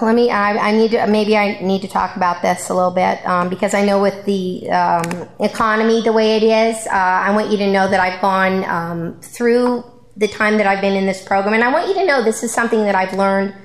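At a support group in a meeting room, a middle-aged woman talks openly and conversationally about her recovery, with frequent ums and repeated phrases. Her voice sits in the mid-range, and the room is echoey.

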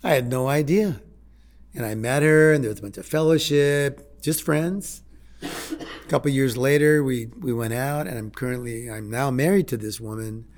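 Older man giving heartfelt slow testimony. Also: medium pitch. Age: 60s. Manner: heartfelt, halting, with repeated words. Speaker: speaker sharing his recovery story. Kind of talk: personal testimony talk.

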